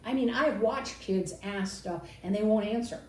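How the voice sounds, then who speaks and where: An older woman giving an animated, casual Christian teaching talk from a balcony, acting out sarcastic quotes as she goes. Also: medium pitch, moderate pace. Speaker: Christian speaker. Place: balcony outdoors. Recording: roomy, distant, faint background noise.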